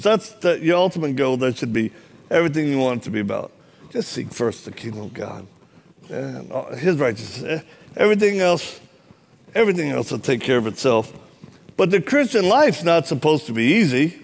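A man's voice: on the high side, vocal fry. A middle-aged man preaching in a church, telling funny stories and acting out the other people's lines. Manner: animated, joking storyteller acting out dialogue. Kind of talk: sermon with comic storytelling.

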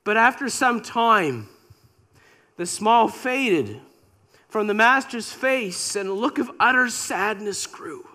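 A man's voice: high voice, lively intonation, slow, sharp tone. A man preacher telling a scripture story in a sermon with dramatic, imaginative retelling.

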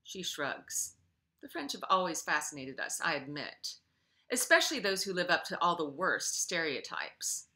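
A woman author reading her own novel aloud in an expressive way, then speaking casually to her listeners. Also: fairly low pitch, normal speed.

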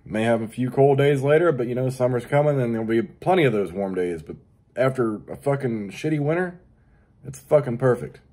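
A man's voice: medium pitch, brisk, warm tone. A middle-aged man hosting his own show, talking casually in a crude, profane, joking way. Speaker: podcast host. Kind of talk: casual solo monologue.

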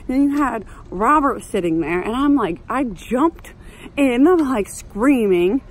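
A woman, telling a story in a chatty, animated vlog while walking outdoors. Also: on the high side, measured pace. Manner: chatty, animated, exclaiming, says "like" often. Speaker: mom vlogger.

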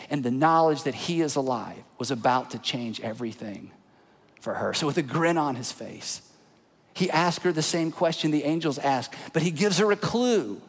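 A man preaching a sermon as pastor, telling the story with hushed, dramatic drops to a near whisper. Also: on the high side. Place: church auditorium. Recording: large hall with long reverb.

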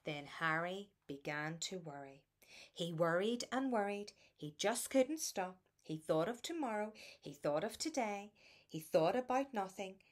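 A woman reading a children's bedtime picture book aloud in a soft, soothing, lilting way. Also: mid-range voice, lively intonation, measured pace. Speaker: storybook reader.

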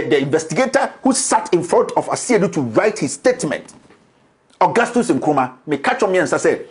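A Ghanaian man with a Ghanaian accent, giving a defiant public statement and switching between English and Twi. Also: high voice.

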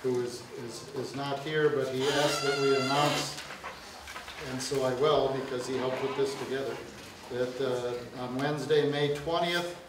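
A man's voice: medium pitch, fairly even intonation, a little slow. A man moderating a university event, making announcements and setting up questions with hesitant fillers. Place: university lecture room. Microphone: no microphone, recorded from far off. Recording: roomy, distant, noisy.

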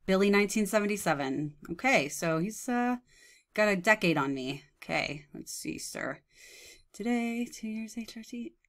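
A woman's voice: medium pitch, animated, moderate pace, fairly bright tone. A woman in her thirties giving mocking, sarcastic reaction commentary, often breaking into laughs. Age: 30s.

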